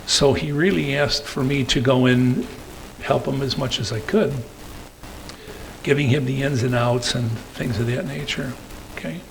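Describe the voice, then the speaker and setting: An older man tells stories to a meeting room while clicking through slides. His voice is gravelly and sits at an ordinary pitch. He rambles, hesitates on fillers and keeps tagging his points with "okay?". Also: fairly even intonation, unhurried, a little hiss or hum, rough recording. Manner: rambling, peppers sentences with "okay?"; hesitant fillers between phrases. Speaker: guest speaker. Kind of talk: anecdotal storytelling talk.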